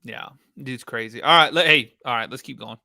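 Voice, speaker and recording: A man's voice: medium pitch, a little fast, vocal fry, bright, forceful tone, dry recording, studio quality. A tired man hosting a live stream, rambling and swearing as he talks to viewers he calls y'all. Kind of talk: casual live commentary.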